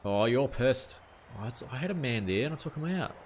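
A man's voice: medium pitch, expressive, a little fast, a little hiss or hum. A young man chatting casually to viewers on a live game stream, easygoing and full of questions. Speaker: gaming streamer.

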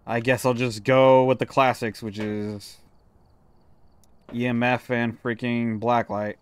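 A man's voice: medium pitch, little pitch movement, takes it slowly, smooth. A man playing a ghost-hunting video game alone, grumbling and swearing to himself as he plays. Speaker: let's-play gamer. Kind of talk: solo gameplay commentary.

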